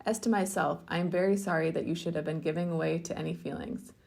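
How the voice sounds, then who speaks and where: Proud indignant young lady, formal and crisp, low voice, gravelly edge, as a woman reader puts her on. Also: fairly even intonation, fast, darkish tone.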